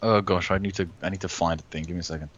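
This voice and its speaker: A man's voice: low-pitched, steady tone, racing, a bit bright, dry recording, muffled recording. A man chatting casually on a game livestream, rambling and correcting himself as he jokes along. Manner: rambling, self-correcting, jokey.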